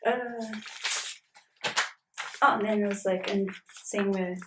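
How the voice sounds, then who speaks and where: A woman's voice: medium pitch, steady tone, takes it slowly, background noise. Chatty rambling woman recapping a game. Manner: chatty and rambling, many fillers like "like". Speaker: player in a tabletop campaign. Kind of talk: casual vlog recap.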